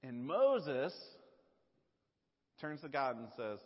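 Male pastor, conversational sermon, husky, dull lo-fi recording. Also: mid-range voice, measured pace. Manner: animated, conversational, with fillers and repetition. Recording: dull lo-fi sound, long hall reverb.

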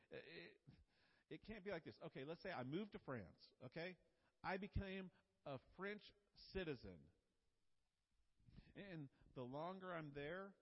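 A male pastor preaching a sermon emphatically, with big swings between loud and soft and fast and slow. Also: on the high side. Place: church sanctuary. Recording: dull recording with long church reverb.

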